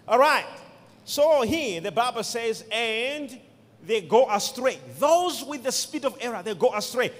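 Male preacher, high and very lively pitch, emphatic and repetitive, long reverb of a hall. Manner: emphatic, repeats key words, calls for responses. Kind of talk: sermon.

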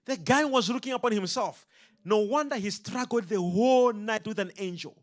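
A man's voice: high-pitched, moderate pace. A man preaching a sermon, emphatic and rhythmic, throwing questions out to his congregation.

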